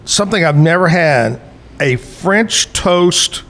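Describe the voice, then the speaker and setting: A man's voice: fairly high pitch, lively intonation, takes it slowly, fairly bright tone. A man hosting a casual morning show, chatting and joking easily with a guest at a bar venue. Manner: joking, easygoing banter. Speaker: radio show host. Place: bar and grill stage.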